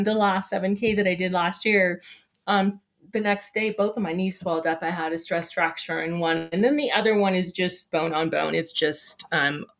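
Female show host, casual, rambling, encouraging, mid-pitched. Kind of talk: casual chat.

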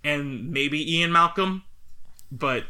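A man co-hosting a podcast, recapping a film in casual chat, rambling and laughing often. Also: takes it slowly. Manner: rambling, animated, laughs often, breaks into high-pitched impressions. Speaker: podcast co-host.

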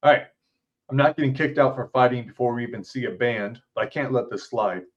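A man's voice: mid-range voice, fairly quick, dull audio. A man, author and podcast host, reading his interactive story aloud with blunt, casual asides and free swearing.

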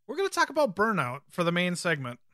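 A man's voice: sits high, wildly swooping pitch, fast talker, bright, forceful tone, no room sound. A man co-hosting a podcast in casual chat, throwing in dry, wry quips. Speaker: podcast co-host.

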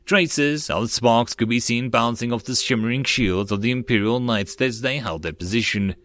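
A man narrating a web novel audiobook in a steady reading voice. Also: mid-range voice, moderate pace.

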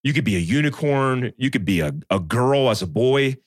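Animated storytelling man, dry sound. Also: mid-range voice, normal speed, no echo. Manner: storytelling, animated, acts out quotes. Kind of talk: casual chat.

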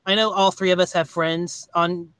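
A man with a high, bright voice hosts a casual podcast chat and rambles through his thoughts, restarting sentences often. His tone is smooth and clear, recorded dry and close. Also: flat delivery, no echo. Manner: rambling, halting, many restarts and fillers. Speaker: podcast host. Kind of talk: casual movie review chat.

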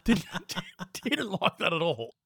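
A man's voice: high-pitched, huge pitch swings, slow pace, vocal fry, breathy edge, dry recording, clean studio sound. A man co-hosting a casual podcast, joking and firing off short reactions. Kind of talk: casual film discussion.

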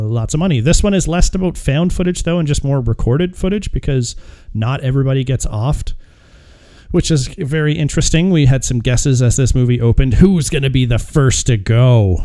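A man hosts a casual movie podcast, walking through cast, budget and box office. His voice is mellow and dark, with a joking ease. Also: medium pitch, clean tone. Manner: relaxed, joking, introduces films with facts. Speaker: podcast host. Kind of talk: casual movie review chat.

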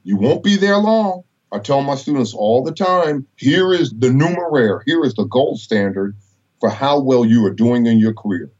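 A man's voice: mid-range voice, expressive, moderate pace, darkish tone, muffled recording. A middle-aged man, a college professor, telling stories emphatically and preacherly, with biblical references. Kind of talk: inspirational storytelling interview.

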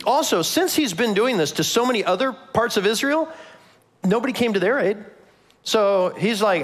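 A male pastor delivering a sermon, his pitch swinging widely as he talks. He keeps it casual and playful, slipping into quick character voices to act out the story. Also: big pitch swings, a bit bright. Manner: conversational, acts out quoted voices with humor.

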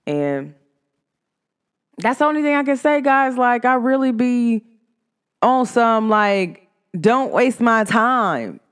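Smooth-voiced woman telling a rambling story. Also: animated, slow pace, long pauses. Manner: rambling, heavy use of "like", pitch swings up and down sharply. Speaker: vlogger. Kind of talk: casual personal storytelling.

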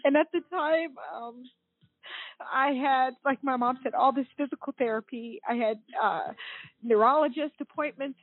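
A woman in her forties from the United States recounts her own story as a talk-show guest. She speaks emotionally, stopping and restarting often, in a somewhat high, breathy voice. The sound is dry and thin, as if over a phone line. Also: no room sound. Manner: emotional, halting, many fillers and restarts. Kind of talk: personal account on a talk show.

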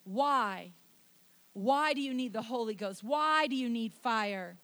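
A woman preacher with a high, bright, ringing voice delivers a fervent sermon. She drives her points home with emphatic repetition in a preaching cadence. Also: lively intonation, slow.

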